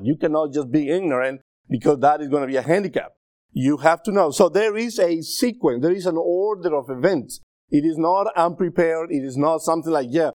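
A man's voice: a little high, a little mellow, no echo, studio quality. A middle-aged man with a Spanish accent, a native Spanish speaker, preaching a sermon in a conversational way and often checking in with his listeners.

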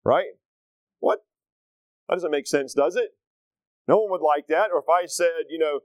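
A middle-aged man delivers a relaxed, conversational sermon. His voice sits a bit higher than most men's, and he keeps turning to the congregation with folksy asides. The sound is dry, with little room echo. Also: brisk. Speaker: pastor.

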